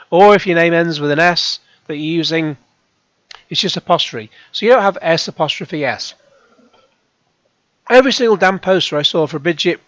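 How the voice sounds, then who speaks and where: A man in his forties, nursing a cold, rambles through a casual monologue with frequent ums, restarts and offhand swearing. His voice sits a little high. The sound is dull and lo-fi, with a dry close feel. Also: a bit bright, no echo. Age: 40s. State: has a cold. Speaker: channel host.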